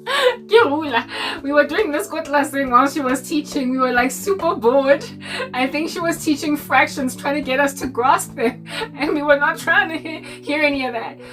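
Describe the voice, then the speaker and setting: A South African woman in her forties telling a school story in a casual, animated, slangy way, laughing often. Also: high-pitched, moderate pace, recorded from a distance, faint music behind. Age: 40s. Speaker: Christian content creator.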